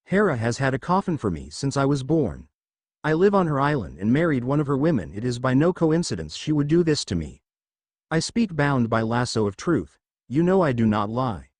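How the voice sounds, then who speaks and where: A man's voice: mid-range voice, very animated, moderate pace, a little mellow, no room sound. A man voicing a strong demigod hero who earnestly pleads his innocence, recorded dry and close.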